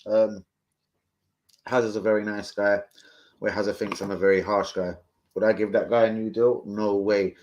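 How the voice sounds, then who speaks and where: A man's voice: lowish voice, a little mellow. A man hosting a fan live stream, chatting casually, swearing freely and answering viewers off the cuff. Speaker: fan channel host.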